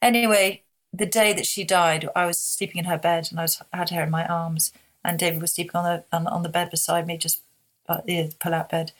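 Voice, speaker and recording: Soft-spoken woman, slightly low voice. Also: little pitch movement. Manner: soft-spoken, halting with many restarts. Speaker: author and guest. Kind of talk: emotional interview conversation.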